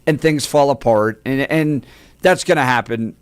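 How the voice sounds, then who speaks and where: Radio co-host, man, mid-range voice, measured and reflective, dry close sound. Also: medium pitch, smooth, no room sound. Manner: measured, thinking aloud with restarts. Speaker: radio talk show co-host. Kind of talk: talk radio commentary.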